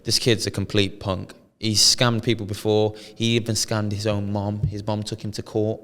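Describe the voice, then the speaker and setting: A man's voice: lowish voice, monotone, moderate pace, fairly bright tone, long reverb tail. A British man co-hosting a podcast, telling a story in casual chat full of slang and swearing. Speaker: podcast co-host.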